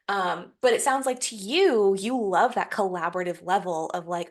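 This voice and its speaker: Lower-pitched gravelly woman chatting. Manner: conversational, asks questions, quick reactions. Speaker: podcast co-host. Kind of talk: casual chat.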